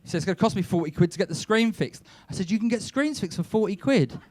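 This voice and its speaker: On a club stage with a handheld mic, a young man performs a stand-up set, telling stories deadpan and erupting into shouted rants. His voice is high-pitched and quick, with no room sound.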